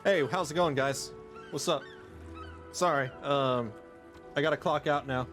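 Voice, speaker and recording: Slow-talking male streamer over game music. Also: on the high side, a bit bright. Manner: chatty, joking, exclaims often. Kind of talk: casual live-stream commentary.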